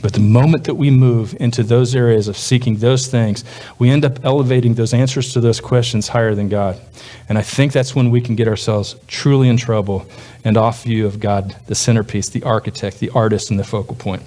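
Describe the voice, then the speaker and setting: A man's voice: fairly even intonation, brisk, dark tone. Male pastor preaching conversationally. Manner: conversational, voices quoted speakers with jumps in pitch. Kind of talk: sermon.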